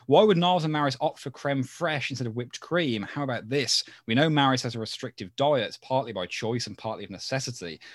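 A man's voice: mid-range voice, dry recording. A man co-hosting a podcast, chatting casually and reading out listener mail with lots of fillers. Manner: chatty, many fillers, quick laughs. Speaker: podcast co-host.

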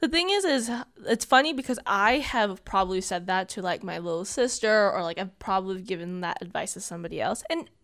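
A woman's voice: medium pitch, lively intonation, fairly quick, hardly any pauses, fairly bright tone. A young woman co-hosting a podcast, sharing her thoughts in a reflective, casual way. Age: young adult. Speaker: podcast co-host. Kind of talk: casual chat.

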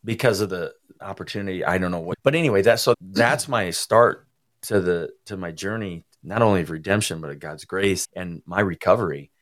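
A deep-voiced man appears as an interview guest, sharing his personal recovery testimony. He speaks earnestly and emotionally, in a halting way.

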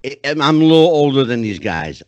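A man hosting a podcast, chatting in an animated way with many asides. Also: mid-range voice, quick pace, no room sound, lo-fi sound. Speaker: podcast host. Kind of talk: casual interview chat.

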